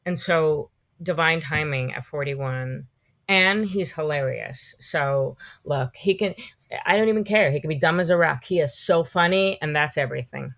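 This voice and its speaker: A woman in her fifties, a podcast guest, telling animated, rambling stories in a casual interview. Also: low-pitched, moderate pace. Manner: animated, rambling storytelling full of "like".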